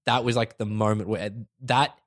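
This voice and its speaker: A man with a somewhat low voice talks with earnest feeling about moments on screen that moved him. His delivery is animated and teasing toward his friends. The sound is close and dry, with no room around it. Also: moderate pace, no echo. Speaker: podcast co-host. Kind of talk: casual chat.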